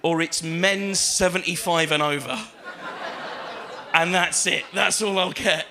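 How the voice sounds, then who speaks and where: A man doing a stand-up comedy routine on stage, chatty and full of fillers, swearing and building to shouted punchlines. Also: high voice, a little slow, noisy background. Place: comedy stage with live audience.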